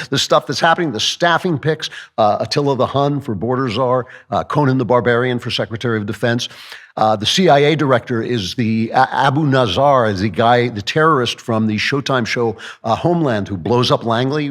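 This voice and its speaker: A man's voice: mid-range voice, expressive, brisk. Male host, wry and sarcastic, monologue delivery. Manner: sarcastic, joking asides. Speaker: podcast host. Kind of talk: comedic political monologue.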